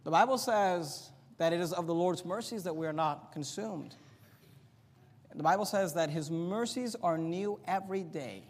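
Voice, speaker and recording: High-voiced preacher in a reverberant hall. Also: male voice, moderate pace. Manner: preaching with swings from loud to quiet. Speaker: pastor. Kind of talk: sermon.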